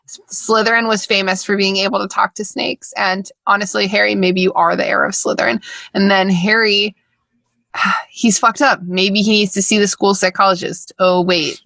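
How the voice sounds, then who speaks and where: A woman co-host chats on a podcast in a bright, forceful voice, blunt and quick to swear. The recording is dry and close, with no room sound around her. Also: mid-range voice, vocal fry, no room sound. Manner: blunt, swears freely, animated. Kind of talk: casual podcast chat.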